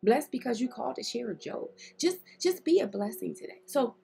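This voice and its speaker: A woman's voice: on the high side, very animated, a little fast, creaky, music in the background. A woman hosting a devotional podcast who exhorts listeners with passionate repetition and rhetorical questions, then drops into chatty, self-deprecating asides. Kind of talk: devotional sermon and casual chat.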